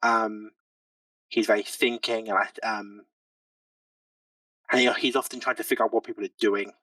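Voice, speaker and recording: A man's voice: fairly low pitch, fairly even intonation, normal speed, sharp tone, no room sound. A man chatting as a podcast guest, hesitant and searching for words with many restarts. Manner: hesitant, lots of ums and restarts, laughs easily. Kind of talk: reflective casual chat. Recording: dry sound from a distant mic.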